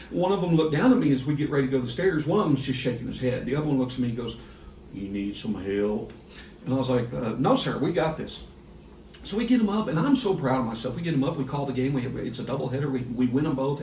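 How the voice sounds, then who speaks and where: Storytelling man, echoey and distant. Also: mid-range voice. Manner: lively, laughs through his stories. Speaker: podcast guest, sports broadcaster. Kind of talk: casual storytelling. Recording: echoey room, distant mic, faint hiss.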